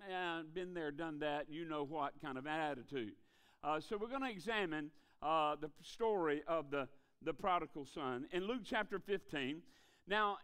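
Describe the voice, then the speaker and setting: A man preaching a revival sermon in a church, telling jokes in a folksy, animated way. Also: high voice, clear, resonant tone. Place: church sanctuary.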